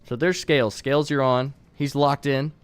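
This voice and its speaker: A man casually hosts a game tournament on a live stream and chats to his viewers in a loose, rambling way, full of fillers and restarts. His voice sits at a mid pitch and sounds close and dry, with faint music underneath. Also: steady tone, normal speed, smooth, dry recording. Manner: talks straight to his chat.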